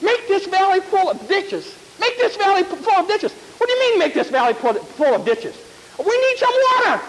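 A man's voice: very high-pitched, very animated, moderate pace, a bit bright, in a large hall, a little hiss or hum, pitched above the performer's own voice, heavily acted, rough recording. A man preaching plays indignant royal kings in a sermon story, whining and impatient. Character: indignant proud royal kings, grown men.

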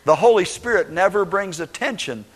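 A middle-aged man preaching a sermon, telling personal stories in an animated way and acting out the quotes. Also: high voice, normal speed, husky. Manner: animated storytelling, acts out quotes. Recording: long hall reverb.

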